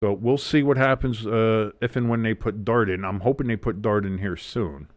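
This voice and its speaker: A man's voice: fairly low pitch, moderate pace, dry recording. A man hosting a live football watch-along, calling plays and chatting casually with viewers, swearing freely. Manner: casual and profane, reads the chat. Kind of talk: live game commentary and chat.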